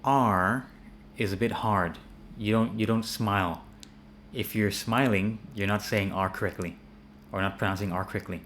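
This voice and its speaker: A man with an American accent giving a relaxed spoken English lesson, pausing with fillers and repeating words as he explains pronunciation. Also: lowish voice, slight background noise. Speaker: English teacher.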